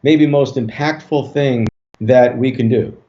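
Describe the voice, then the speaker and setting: A man, a hypnotist guest on an interview show, tells a story in a relaxed way with many fillers and restarts. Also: medium pitch, a little slow. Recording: dull lo-fi audio.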